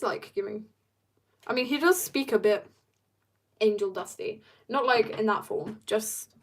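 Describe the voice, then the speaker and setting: A woman's voice: a little high, husky. A young woman chatting casually while drawing on a livestream, bubbly and joking as she reads viewer comments. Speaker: art livestreamer.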